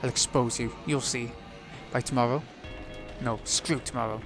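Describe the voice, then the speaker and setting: A man's voice: medium pitch, steady tone, moderate pace, music in the background, close to an everyday voice. A man reading a visual novel aloud, voicing a grieving, hot-headed young man who makes bitter, defiant outbursts.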